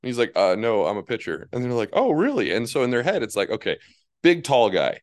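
Young man, rapid talker, lowish voice, dry close sound, animated storyteller. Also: no echo. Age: 20s. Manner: animated storyteller, acts out quotes in high voices. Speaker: podcast co-host, college baseball pitcher. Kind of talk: casual chat.

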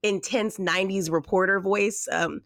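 A woman in her thirties hosting a casual podcast, chatty and quick to laugh. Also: medium pitch, steady tone, fairly bright tone. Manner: chatty, laughs often, slips into mock voices. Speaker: podcast host.

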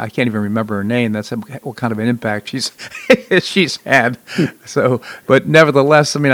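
A man's voice: medium pitch, no room sound. A man hosting an internet talk show, speaking with enthusiasm and frequent restarts. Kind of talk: casual political talk. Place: Florida.

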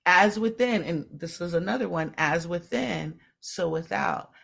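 Woman talking spirituality real slow, earnest, bit of vocal fry. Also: fairly low pitch, a bit bright. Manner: slow, earnest spiritual teaching with repeated phrases. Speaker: spiritual guest. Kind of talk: casual podcast conversation.

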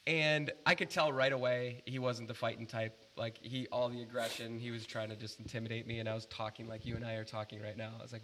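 A man spinning a story in relaxed chat, with an ordinary mid-range voice. He gets animated and swears freely, doubling back and restarting as he talks. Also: medium pitch, fast, few pauses, slight background noise.

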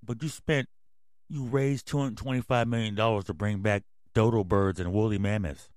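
A man hosting a podcast, ranting angrily and yelling, with constant swearing. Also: on the low side, steady tone, moderate pace, no echo, studio quality. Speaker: podcast host. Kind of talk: profane ranting commentary.

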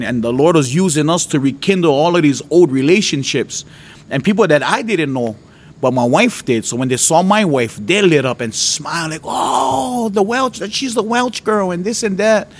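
A man from Hawaii, a preacher giving his testimony, who tells his story with lively jumps in voice and frequent laughter. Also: moderate pace. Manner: animated storytelling, voice jumps high and loud when retelling his outbursts; laughs often. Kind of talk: testimony to an audience.

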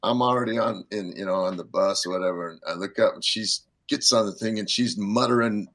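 An older man, a musician guest, telling rambling stories in casual talk, full of "you know" and quick laughs. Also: lowish voice, a bit bright, no room sound. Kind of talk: casual storytelling.

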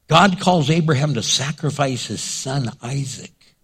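A man's voice: mid-range voice, lively intonation, measured pace, fairly bright tone, breathy edge. A male pastor preaching a sermon in a dramatic way, acting out scenes and quotes.

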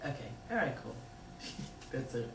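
A woman's voice: a bass voice, big pitch swings, a little slow. A woman hosting a podcast and reading out live chat comments, laughing and teasing in loose slang. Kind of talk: casual chat. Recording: roomy echo, distant mic, faint noise.

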